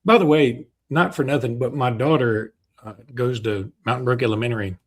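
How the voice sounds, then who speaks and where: A man's voice: mid-range voice, brisk. A middle-aged man co-hosts a sports podcast in a loose, joking way. He rambles, circles back and fills gaps with ums and uhs. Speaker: podcast co-host. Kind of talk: casual sports podcast chat.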